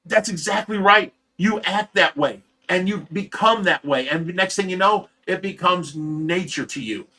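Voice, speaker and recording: On his casual livestream, this middle-aged host from Ohio talks at a normal speed, his fairly high voice carrying a bright, forceful edge. His storytelling is candid and wandering, and he keeps starting his sentences over.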